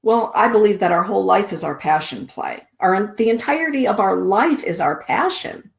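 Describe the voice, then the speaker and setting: A middle-aged woman hosting a spiritual show, reading oracle cards aloud in a soothing, deliberate way. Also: medium pitch, animated, vocal fry. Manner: slow, soothing, deliberate delivery with drawn-out words. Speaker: host giving oracle card readings.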